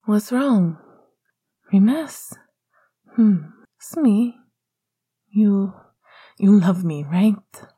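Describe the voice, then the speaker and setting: A woman softly voicing an anxious young man just woken from a nightmare, in a whispered role-play, shaky and pleading. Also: medium pitch, animated, drawn-out words, long pauses, husky, exaggerated voice. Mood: shaken.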